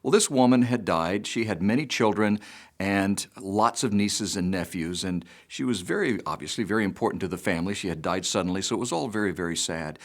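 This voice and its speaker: A man with a low voice tells a story from his ministry work. His delivery is calm and measured, the way a pastor talks. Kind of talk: storytelling anecdote.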